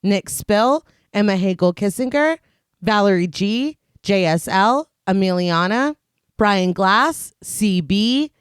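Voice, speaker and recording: Tired woman reading names slowly. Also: medium pitch, lively intonation, clean tone, no echo, clean studio sound. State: tired, losing her voice. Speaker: podcast co-host. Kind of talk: reading a patron thank-you list.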